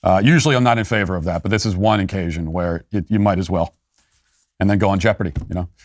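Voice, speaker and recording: A man's voice: deep voice, fast, no echo. A man hosting a commentary show, talking casually with sarcastic, wry asides. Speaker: podcast host.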